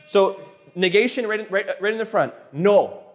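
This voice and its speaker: A man's voice: sits high, animated, normal speed, faint music behind. Patient male tutor drilling phrases. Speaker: language teacher. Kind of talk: casual tutoring session.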